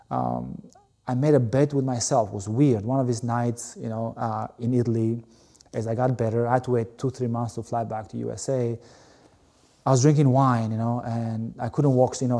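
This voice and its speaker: A former volleyball player from Albania, appearing as an interview guest, tells his story emphatically, full of "you know" and repeated words. His mid-range voice is steady and dark with vocal fry, at a moderate pace. It's animated storytelling in conversation.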